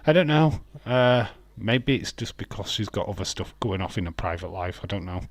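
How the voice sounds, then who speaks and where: Low-voiced chatty man on a live stream. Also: animated, moderate pace, no echo. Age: adult with children. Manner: chatty, laughs often, answers viewer comments. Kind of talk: casual live stream chat.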